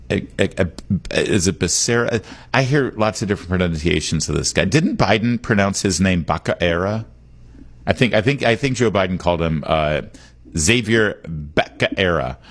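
A man hosting a talk radio show from a studio, delivering an emphatic, opinionated monologue and repeating the call-in number. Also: low voice. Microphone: studio microphone.

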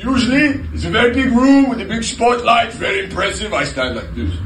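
A man's voice: very high-pitched, lively intonation, a little fast, pitched above the performer's own voice. A man voicing a pompous, self-important spiritual guru clown character on stage. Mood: grandiose. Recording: roomy live stage recording from far off with crowd.

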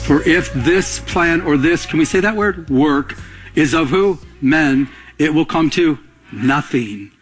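A middle-aged man preaching a radio-broadcast sermon, asking the congregation to fill in words and telling quick stories. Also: fairly high pitch, faint music behind. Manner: call-and-response preaching, quick anecdotal storytelling. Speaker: pastor.

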